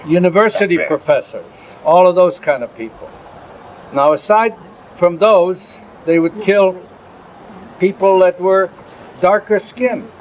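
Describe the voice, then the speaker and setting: Older man lecturing, earnest and high-voiced. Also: a little slow, a little hiss or hum, poor audio. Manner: earnest, plain-spoken, with asides to the audience. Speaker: Holocaust survivor speaker. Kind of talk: lecture with audience questions. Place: outdoor camp gathering.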